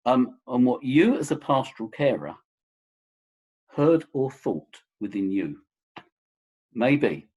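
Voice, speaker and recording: A man, a counsellor, explaining pastoral listening in a recorded teaching seminar, gentle and full of examples. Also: medium pitch, sing-song, slow, pauses often, husky.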